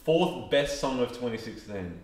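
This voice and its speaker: A man's voice: mid-range voice, animated, a little slow, a little mellow. A young Australian man with an Australian accent, rambling and joking as a podcast host in casual chat. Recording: echoey room, faint background noise.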